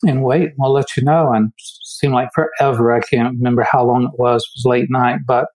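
A man's voice: medium pitch, flat delivery, fairly quick, darkish tone, low-quality recording. A man from the United States telling personal stories in an earnest, reflective way, often restarting his sentences. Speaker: guest speaker. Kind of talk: personal storytelling.

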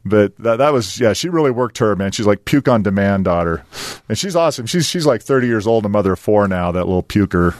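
A man's voice: fairly low pitch, expressive, fast talker, no echo, clean studio sound. A man in his fifties co-hosting a show, chatting casually, rambling with lots of fillers and laughing often. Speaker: podcast co-host. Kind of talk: casual chat.

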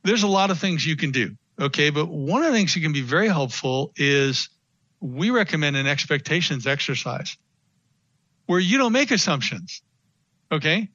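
Man, radio guest, bright tense voice, animated storyteller, dry lo-fi sound. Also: on the high side, normal speed, no echo. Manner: animated storytelling, acts out quotes. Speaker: guest consultant. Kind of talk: radio interview.

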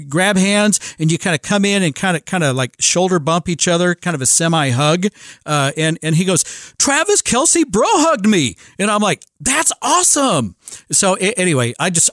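Male radio host, middle-aged, slightly high voice, dry studio sound, casual and rambling. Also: fairly bright tone, dry recording. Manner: chatty, many restarts and fillers.

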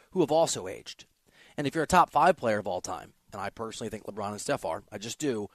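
Animated male sports talk host. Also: mid-range voice, dry recording. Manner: emphatic, animated, offhand asides. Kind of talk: opinionated sports talk monologue.

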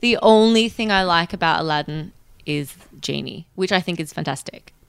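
A woman's voice: on the low side, normal speed, creaky, clean tone, dry recording. A woman in casual group chat, opinionated and weighing her words.

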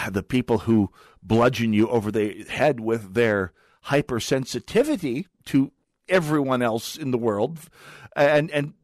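A male talk radio host holds forth in a sardonic, rambling monologue full of wry asides. His pitch swings widely as he speaks. The studio sound is dry and close. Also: no room sound. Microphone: studio microphone.

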